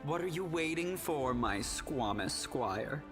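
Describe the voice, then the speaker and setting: An actor playing a haughty, decadent noble count in a video game, with a drawling, arch delivery. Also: male voice, fairly high pitch, animated, slow, big-room sound. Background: game music.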